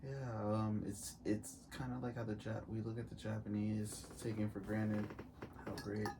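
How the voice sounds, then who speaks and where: A man's voice: fairly low pitch, monotone, normal speed, background noise. A man chatting casually as podcast co-host, laid-back and slangy, mostly listening. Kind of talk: casual chat.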